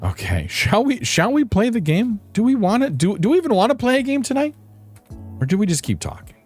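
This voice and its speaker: A man's voice: high voice, wildly swooping pitch, fairly quick, a little mellow, faint music behind. A man streaming a game, chatting casually with viewers in a playful, rambling, self-mocking way. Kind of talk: casual live-stream chat.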